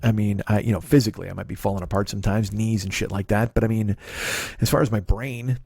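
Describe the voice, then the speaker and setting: A man's voice: on the low side, fairly even intonation, fast talker, vocal fry, darkish tone, slightly rough, dry recording. A man in his fifties hosting a comedy podcast, telling a rambling, profane story full of restarts. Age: 50s. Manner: profane, rambling, self-interrupting.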